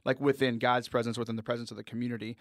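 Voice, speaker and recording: A man's voice: mid-range voice, flat delivery, very fast, no echo, clean studio sound. A man hosting a radio talk show, chatting casually and earnestly with frequent laughs. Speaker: radio host. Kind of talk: casual chat.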